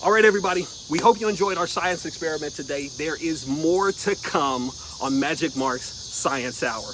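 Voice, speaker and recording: A man hosting a children's lesson, telling a story in an animated way and checking in with "okay?". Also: fairly high pitch, moderate pace, a little hiss or hum. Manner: animated, talks straight to children with frequent "okay?". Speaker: children's ministry host.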